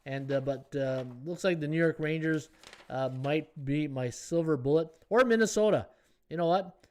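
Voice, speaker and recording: A man hosting a sports betting live stream in a casual, thinking-aloud way. His voice sits a little high for a man. He chats his way through odds and viewer comments. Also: moderate pace, a little mellow. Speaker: sports betting podcast host.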